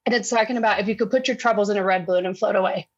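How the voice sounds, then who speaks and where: A woman, a sugar detox coach, telling lively stories in a casual podcast interview and acting out what people said. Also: medium pitch, racing, muffled recording. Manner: animated storytelling, acts out quotes.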